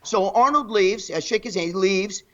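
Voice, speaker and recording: A man's voice: sits high, moderate pace, highs cut off. A man telling rambling, profane stories in casual chat, acting out the people he quotes. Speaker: show guest telling stories.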